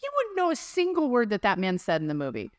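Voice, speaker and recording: Lively-voiced woman podcast co-host. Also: mid-range voice, fast, no echo, clean studio sound. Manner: animated, laughing, storytelling. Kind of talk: casual chat.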